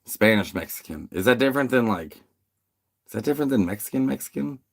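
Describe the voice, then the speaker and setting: This laid-back American man hosts a casual livestream, chatting with viewers and reading the chat aloud. His medium-pitched voice has lively intonation, a quick pace, and vocal fry, and he swears freely and giggles while talking.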